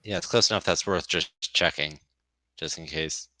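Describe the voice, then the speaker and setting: A man playing in an online tabletop game, measured and matter-of-fact in casual chat. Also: low-pitched, pushed and bright, no room sound. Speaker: player. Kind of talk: casual role-play chat.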